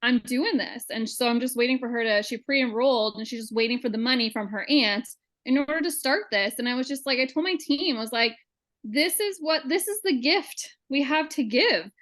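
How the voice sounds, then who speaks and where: A woman with a somewhat high voice recounts an anecdote over a video-call mic. She tells it earnestly and quotes the people involved as she goes. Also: moderate pace, a bit bright. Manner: earnest storytelling, quotes dialogue. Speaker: call participant. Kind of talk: sharing a personal story.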